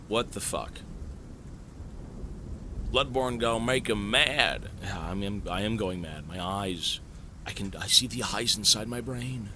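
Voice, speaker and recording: A man live-streaming a game, thanking viewers in casual chat, excitable and swearing, often shouting in surprise. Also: on the low side, a little hiss or hum. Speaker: Twitch streamer.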